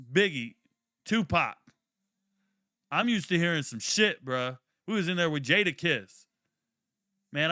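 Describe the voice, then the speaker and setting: A young man hosting a live draft watch party, chatting casually and telling stories in a slangy, profane, animated way with sudden loud outbursts. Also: medium pitch, dry recording, studio quality. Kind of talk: casual live commentary and storytelling.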